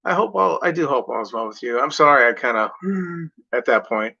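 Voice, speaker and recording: A man's voice: medium pitch, lively intonation, normal speed, vocal fry, pushed and bright. A man rambling through a casual vlog monologue, swearing freely and joking to himself. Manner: rambling, profane, jokey. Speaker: vlogger. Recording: muffled lo-fi recording.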